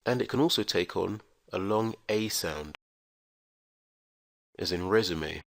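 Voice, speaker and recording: A man with a very low, gravelly voice leads a scripted pronunciation lesson. He talks slowly and enunciates every letter and sound with care. The recording is dry and close. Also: dry recording. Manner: slow, careful, enunciated delivery. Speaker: English teacher.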